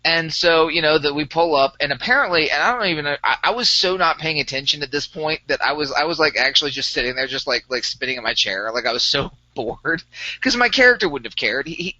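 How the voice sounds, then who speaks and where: A man's voice: a little high, animated, fast, bright, forceful tone, no room sound, muffled recording. A young man on a podcast, chatting casually and rambling through a gaming story with many fillers. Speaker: podcast co-host. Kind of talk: casual chat about tabletop games.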